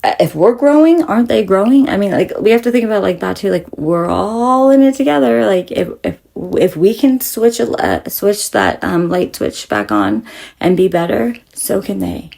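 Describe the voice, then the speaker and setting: A woman giving a casual, profanity-laced spiritual pep talk, rambling and emphatic, sometimes dropping to a soft whisper. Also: medium pitch, lively intonation, moderate pace, gravelly. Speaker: spiritual reader.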